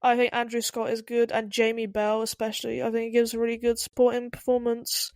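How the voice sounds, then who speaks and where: A woman's voice: a little high, completely flat delivery, fairly quick, darkish tone, dry recording, clean studio sound. A woman co-hosting a podcast, giving blunt, opinionated film reviews in casual chat with hesitant restarts. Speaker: podcast co-host.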